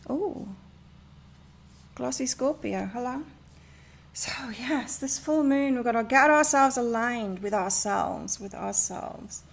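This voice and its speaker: A woman's voice: fairly high pitch, a little hiss or hum. A woman reading tarot and oracle cards on a live stream from her home, chatting and rambling as she gives spiritual advice. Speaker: tarot and oracle card reader.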